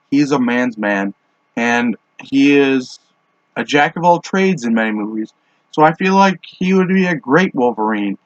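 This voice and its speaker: A man's voice: a little high, no room sound. A man rambling casually through a solo monologue, offhand and full of fillers and restarts, smoking as he talks. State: smoking while talking. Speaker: podcast host. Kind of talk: casual monologue on fan casting. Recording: dull, dry lo-fi home mic.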